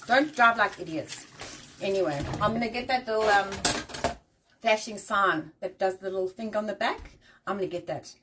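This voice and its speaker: A woman's voice: medium pitch, fairly quick, far from the mic, noisy background. A woman from Africa, hosting a casual live-stream rant and swearing freely. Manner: animated, swears freely, ranting. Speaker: host.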